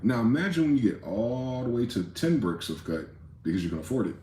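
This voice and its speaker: A man's voice: medium pitch, sing-song, a little fast, warm tone, roomy sound, a little hiss or hum. A man hosting a rambling late-night monologue, profane and conspiratorial in tone, with many asides. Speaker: host.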